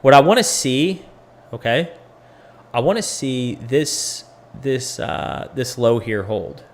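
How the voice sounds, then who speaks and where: A tired man hosts a casual crypto chart-analysis video, thinking out loud as he goes. His speech is loose and salty, with a middle-pitched voice. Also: big pitch swings, slow pace. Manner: loose, profane, thinking aloud. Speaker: crypto educator and host.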